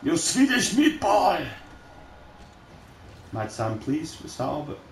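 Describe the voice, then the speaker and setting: A man swearing and shouting at opponents while playing a game with a friend. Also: on the high side, sing-song, slow pace. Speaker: gamer recording his play. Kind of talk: casual gaming chat with a friend. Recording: roomy sound with faint noise.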